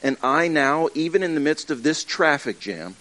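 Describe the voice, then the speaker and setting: A man's voice: fairly high pitch, animated, normal speed, bright, forceful tone. A man preaching a sermon to his congregation in an earnest, conversational way, with frequent restarts and acted asides. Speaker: pastor. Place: church with livestream.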